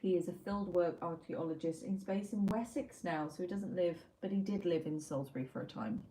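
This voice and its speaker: A woman's voice: lowish voice, a little fast, noisy background. A woman from Wiltshire, chatting casually and rambling as she swatches art pencils on a livestream, mocking herself and reading out chat messages. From Wiltshire, England.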